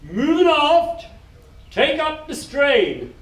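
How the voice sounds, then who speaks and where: A man playing a gruff naval petty officer who barks clipped orders at his crew, recorded live on a festival stage. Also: extremely high pitch, wildly swooping pitch, extremely slow, pitched above the performer's own voice, full character voice. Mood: barking orders. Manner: bellowing clipped commands. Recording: distant roomy live stage sound.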